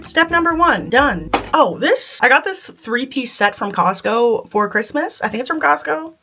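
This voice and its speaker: A woman's voice: high voice, animated, normal speed, bright, forceful tone, faint music behind. A woman at her makeup table chatting casually through a makeup tutorial, self-deprecating and laughing often. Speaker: beauty vlogger.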